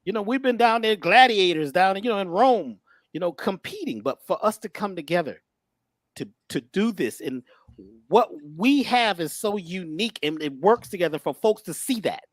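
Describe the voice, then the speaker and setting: A male guest giving an inspirational talk, with halting starts and preacherly wordplay. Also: sits high, expressive, no room sound, clean studio sound. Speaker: guest speaker.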